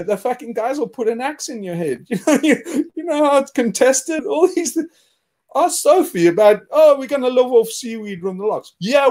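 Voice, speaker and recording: A man's voice: high-pitched, a little mellow. A man hosting a podcast discussion, talking in an agitated, profane, emphatic rant, scornful and breaking into bursts of laughter. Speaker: podcast host. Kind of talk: ranting discussion.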